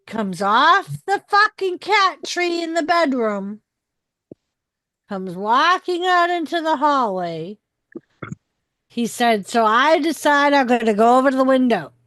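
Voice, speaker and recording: A woman chatting casually among friends, telling an animated story with lots of swearing. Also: sits high, takes it slowly, pauses often, no echo. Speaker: co-host. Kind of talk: casual chat.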